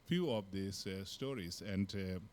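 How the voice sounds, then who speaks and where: A low-pitched Buddhist teacher with a Tibetan accent recounts a personal story. His delivery is relaxed and halting, filled with fillers and soft laughter.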